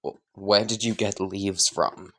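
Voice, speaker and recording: Woman playing a bone-tired deadpan male teacher. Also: very deep voice, a little slow, pitched below the performer's own voice, exaggerated voice. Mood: weary. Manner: flat, weary and dry.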